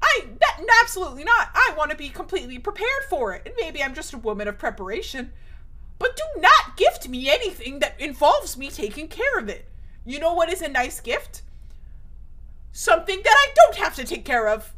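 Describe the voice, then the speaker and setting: A woman's voice: high-pitched, very animated, fairly quick, bright, forceful tone. A young woman streaming, chatting casually, emphatic and swearing often, her voice shooting up when she gets worked up.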